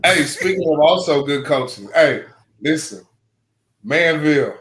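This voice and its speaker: A man's voice: on the high side, animated, unhurried, a bit bright, a little hiss or hum. A man co-hosting a casual sports chat, joking and rambling in loose banter. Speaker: podcast co-host.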